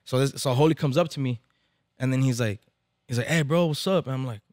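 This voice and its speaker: A man's voice: medium pitch, brisk, a little mellow, no room sound, clean studio sound. A man, a barber event organizer, telling a story in casual, profane slang and slipping into Spanish now and then. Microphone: podcast microphone.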